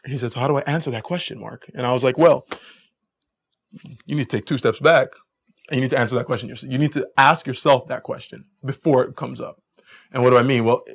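Energetic male dating coach lecturing. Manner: energetic, acts out quotes in higher voices.

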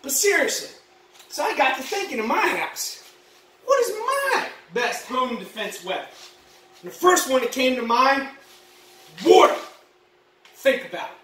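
A woman playing a boastful, rambling male ex-Marine patriot dad in a comedy monologue, shouting one moment and muttering the next. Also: very animated, unhurried, pauses often, exaggerated voice. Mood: blustering. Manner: boastful, rambling, shouts then drops low. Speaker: comedy vlogger. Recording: roomy echo, mic at a distance.

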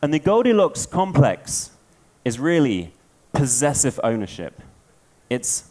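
A man giving a storytelling conference talk, an animated storyteller. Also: a little high, unhurried. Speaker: conference speaker.

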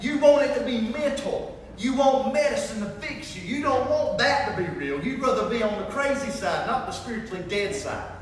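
Man preaching his testimony, high voice, echoey hall, distant mic, faint ambience. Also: moderate pace, few pauses, a little hiss or hum. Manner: animated storytelling, acting out dialogue. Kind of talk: sermon testimony.

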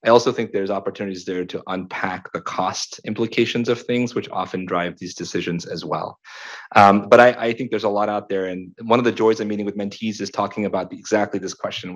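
A man's voice: on the low side, fairly quick, muffled recording. A physician researcher, a man, answering a question at a conference in a conversational, reflective way with fillers.

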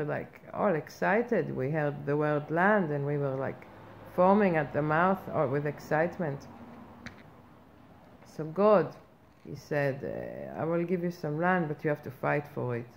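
A woman's voice: low voice, expressive, a little slow, gravelly, full character voice. A woman playing a brash, self-important female reporter persona in a satirical comic monologue, ranting in a mock-earnest way with outraged questions. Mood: blustering. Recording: muffled lo-fi recording with faint background noise.

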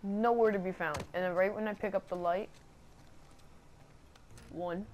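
A woman's voice: mid-range voice, steady tone, unhurried, darkish tone, a little hiss or hum. A young woman with a stuffy nose giving blunt, jokey let's-play commentary. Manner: blunt, jokey, swears at the game. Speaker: gaming channel host.

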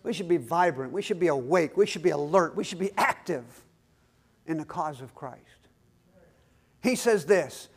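High-voiced preaching pastor. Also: male voice, animated, moderate pace, long pauses, husky. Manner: emphatic preaching with call-and-response questions. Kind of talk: sermon. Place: church.

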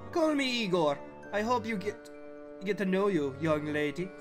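Sly slow-talking salesman, a man doing the voice in a horror game. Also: sits high, big pitch swings, over music. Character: mysterious male salesman. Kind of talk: let's play voice reading.

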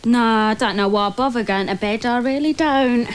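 An actress playing a gloomy middle-aged mum, who moans and sighs about everything. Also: female voice, on the high side, normal speed, smooth, close to an everyday voice. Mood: glum. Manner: glum and sighing.

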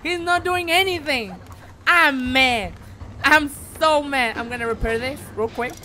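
A man whose first language is Spanish, streaming a game live in English, swinging between excited shouts and quiet muttering, swearing and repeating phrases. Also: very high-pitched, measured pace, a little hiss or hum. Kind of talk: live gameplay commentary.

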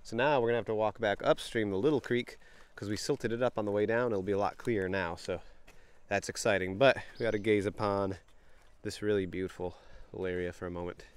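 A young man, chatting excitedly to viewers while wading a creek, sniffling from allergies. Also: on the low side, brisk, clean tone. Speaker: bottle-hunting vlogger. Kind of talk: casual outdoor vlog narration. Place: outdoors in a creek.

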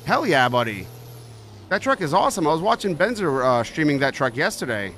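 Guy streaming a truck game, kinda high voice, hypes up chat, yells at close calls. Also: brisk, slight background noise. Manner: excitable, chatty, yelps at near misses; greets chat viewers by name. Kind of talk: live-stream gameplay commentary.

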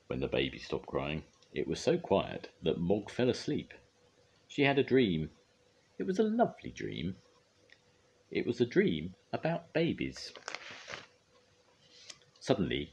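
An older man reading a picture book aloud for his grandchildren, lively and expressive. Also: sits low, slightly rough, muffled recording. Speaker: grandfather storyteller.

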